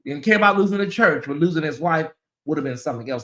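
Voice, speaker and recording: A woman hosting a commentary channel, talking casually to her viewers, animated and repeating herself as she exclaims. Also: deep voice, fast, roomy sound.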